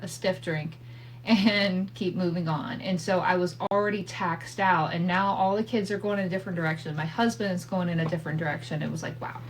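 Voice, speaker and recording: A woman's voice: on the low side, steady tone, a little fast, low-quality recording. A woman in her thirties hosting a podcast, telling a family story in a candid, profane way with asides and laughs. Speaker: podcast host. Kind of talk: casual storytelling monologue. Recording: faint hum from a home setup.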